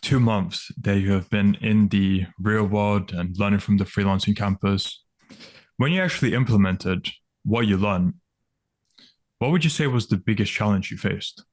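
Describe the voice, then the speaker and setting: Male interviewer, lowish voice, calm, restates answers, dry sound. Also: dry recording. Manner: measured, restates the guest's points before asking. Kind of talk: conversational interview questions.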